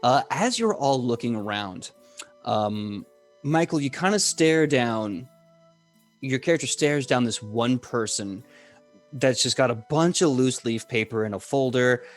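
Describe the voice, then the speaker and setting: A man narrating as game master in a tabletop game, talking loosely and joking, quick to laugh. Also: medium pitch.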